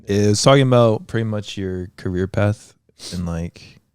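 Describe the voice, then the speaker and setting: A young man co-hosting a podcast in casual chat, soft-spoken and low-key, rambling a little. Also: normal speed, smooth, no echo. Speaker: podcast co-host.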